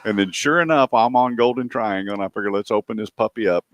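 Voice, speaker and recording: Brief: male radio host, lower voice, animated storyteller, dry studio sound. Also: fast talker, no room sound. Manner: animated storyteller, acts out quotes. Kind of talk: casual radio talk.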